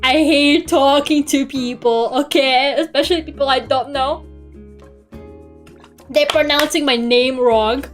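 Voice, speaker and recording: Young woman streamer, high voice, grumbling, swearing, giggly, faint music behind. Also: steady tone, unhurried. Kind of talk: casual chat while drawing.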